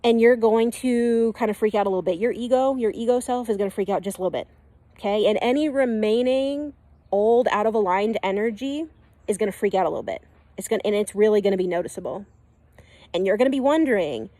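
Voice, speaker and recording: A woman's voice: mid-range voice, fast, warm tone, dry recording. A woman who gives spiritual readings, teaching in a casual and emphatic way and checking in often with "okay?" and "right?". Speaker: spiritual reader.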